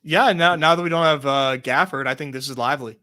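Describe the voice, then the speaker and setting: A man's voice: on the high side, fairly quick. A man from Texas, co-hosting a casual podcast and telling a story, with lots of filler words, restarts and swearing. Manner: animated storyteller, swears, many likes and restarts. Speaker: podcast co-host.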